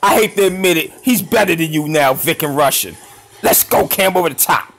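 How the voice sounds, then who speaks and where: A man hosting a reaction video, talking along to football highlights with slangy, excited exclamations and frequent laughter. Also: brisk. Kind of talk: excited sports reaction commentary.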